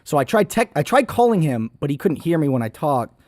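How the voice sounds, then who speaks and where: A young man tells a rambling, self-deprecating story in casual podcast chat, slipping into quick imitations of other people. His voice sits a little high for a man. The sound is dry and close, with no room around it. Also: big pitch swings, a little mellow, dry recording. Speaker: podcast guest.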